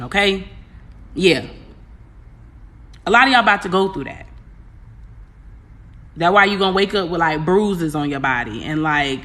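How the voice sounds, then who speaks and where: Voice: medium pitch, bright, forceful tone. A spiritual coach in a casual, candid talk to viewers, rambling, repeating phrases and using slang.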